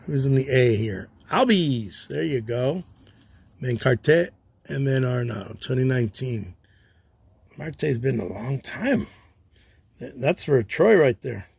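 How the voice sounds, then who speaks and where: A man hosting a casual livestream, chatting in a relaxed way and talking to himself as he sorts baseball cards. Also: medium pitch, measured pace, gravelly, slightly rough. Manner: relaxed, chatty, talks to himself while sorting. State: tired, yawning. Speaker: livestream host, card collector. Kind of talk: casual livestream chat while sorting cards.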